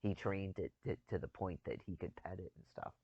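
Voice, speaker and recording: A man's voice: low-pitched, brisk, husky, no room sound, lo-fi sound. A man in casual chat, rambling and chuckling as he talks, with loose, profane phrasing.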